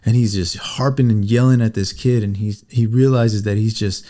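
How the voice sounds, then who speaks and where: A man co-hosting a casual parenting podcast, earnest and encouraging, and quick to laugh. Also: lowish voice, steady tone, warm tone. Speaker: podcast co-host.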